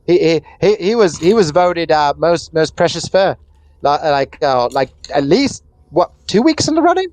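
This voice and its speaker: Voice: medium pitch, sing-song, moderate pace, darkish tone, voice pushed up, lightly acted. A game master voicing a ditzy, scatterbrained male cat who rambles. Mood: gushing. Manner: rambling, airheaded.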